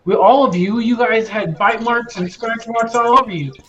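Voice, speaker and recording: A man voicing a nervous, flustered male town guard who stammers and gets excitable. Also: very high voice, moderate pace, voice pushed up. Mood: alarmed. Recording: lo-fi with faint music.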